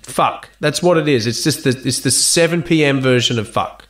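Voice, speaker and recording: This is an Australian man in a relaxed interview, spinning stories with plenty of energy and the odd swear word. His voice sits at an ordinary middle pitch, and he laughs freely as he talks. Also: normal speed. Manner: animated storyteller, laughs often, swears casually. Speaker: guest actor and musician. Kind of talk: casual interview chat.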